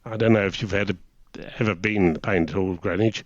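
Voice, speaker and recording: Low-voiced old Englishman telling stories. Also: fairly even intonation, fast, no room sound. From England. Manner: chatty anecdotal storytelling, chuckling. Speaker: guest, retired naval officer. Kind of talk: casual reminiscing interview. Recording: dry, slightly dull recording.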